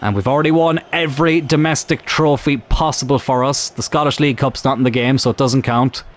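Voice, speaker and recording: A young man commentating on his own football video game career, calm one moment and shouting the next. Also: mid-range voice, a little fast. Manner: excitable, shouts at big moments. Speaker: gaming YouTuber.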